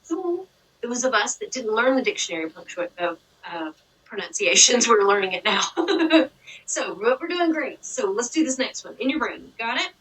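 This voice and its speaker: A woman with a Georgia Southern accent leads a one-on-one reading lesson, encouraging a child with steady praise. Her voice is bright and a touch high, caught from a little way off the microphone. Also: moderate pace, breathy edge, far from the mic, low-quality recording. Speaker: phonics teacher.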